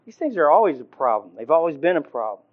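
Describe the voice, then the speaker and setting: A man teaching from the Bible in an informal sermon, halting with fillers and restarts and often clearing his throat. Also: a little high, big pitch swings. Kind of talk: conversational sermon. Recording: dull lo-fi recording.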